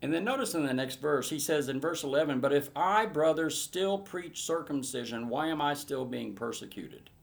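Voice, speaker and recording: A man's voice: a little high, lively intonation, normal speed, creaky, few pauses. A man teaching verse by verse through a Bible passage in an earnest manner, rising to emphatic bursts.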